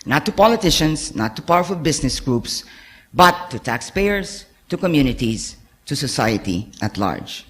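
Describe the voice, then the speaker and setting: A man's voice: on the high side, sing-song, normal speed, fairly bright tone. A man giving a formal academic lecture in a hall, partly reading aloud, stressing key words and letting his voice fall at the ends of phrases. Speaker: university speaker giving a lecture.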